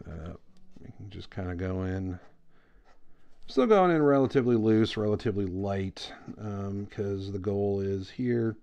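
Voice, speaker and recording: A man streaming a live drawing session, talking through his work in a relaxed, rambling way with lots of fillers. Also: lowish voice, lo-fi sound. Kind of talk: casual commentary while drawing.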